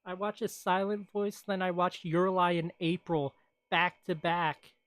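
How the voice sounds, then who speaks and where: A streamer chatting casually on stream at an unhurried pace, rambling from one thought to the next. The voice sits at a middle pitch and is recorded dry and close. Laughs and sighs come often. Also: steady tone, a bit bright, no echo.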